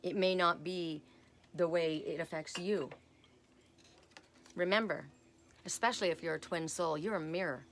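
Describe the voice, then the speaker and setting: A woman's voice: on the low side, normal speed, long pauses, fairly bright tone. A woman giving a casual spiritual oracle card reading, chatty and rambling with personal asides, often tagging her points with "right?".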